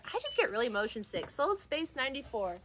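Bright, playful woman selling shoes live. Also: high voice, very animated, brisk, a little hiss or hum. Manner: playful, joking, laughs often. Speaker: resale shop live-sale co-host. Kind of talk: live shopping stream chat. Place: shop interior.

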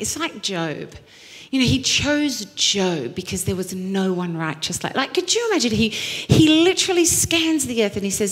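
A middle-aged woman pastor preaching a sermon, telling stories with lively acted quotes and emphatic repetition. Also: on the high side, moderate pace, breathy edge. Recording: long hall reverb.

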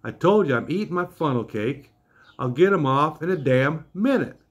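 A man voicing a loud, bossy woman carnival worker who scolds in a high, shrill voice. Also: lively intonation, normal speed, husky, highs cut off. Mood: snapping.

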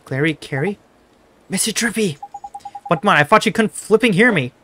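Brief: gamer putting on cheeky fairy, slangy, teasing, low and lively. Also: normal speed, a little hiss or hum. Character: cheeky fairy sidekick with a lantern nose.

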